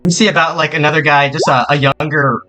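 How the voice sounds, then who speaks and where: A man's voice: a little high, steady tone, fast talker, pushed and bright, faint music behind. A young man narrating a tabletop game as game master, rambling with lots of fillers.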